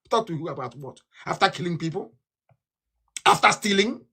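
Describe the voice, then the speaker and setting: A Nigerian man giving a fiery live broadcast speech, ranting and repeating himself, swinging between loud outbursts and low mutters. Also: animated, fairly quick. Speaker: political broadcaster.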